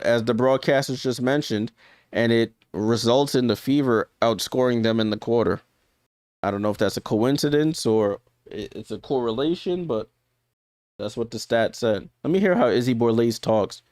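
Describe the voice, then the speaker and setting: A man with a medium-pitched, animated, slightly mellow voice streams live basketball commentary as casual play-by-play at a moderate pace. Chatty, he often corrects himself mid-sentence and laughs at his own slips, in a dry, studio-quality recording.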